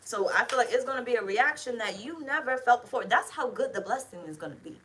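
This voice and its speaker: A woman's voice: a little high, lively intonation, fast talker, fairly bright tone, a little hiss or hum, low-quality recording. A woman giving a casual tarot reading to camera, talking bluntly and emphatically, with plenty of swearing. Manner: blunt, profane, emphatic, chatty. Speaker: tarot reader.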